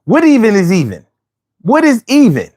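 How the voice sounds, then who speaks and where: A man's voice: high-pitched, wildly swooping pitch, normal speed, darkish tone. A man hosting a casual livestream talk show. He uses slang, repeats phrases and asks his viewers rhetorical questions.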